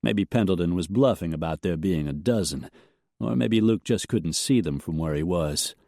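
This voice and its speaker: A man's voice: sits low, lively intonation, moderate pace, creaky, dark tone, dry recording, clean studio sound. A man narrating a western audiobook in a storytelling manner.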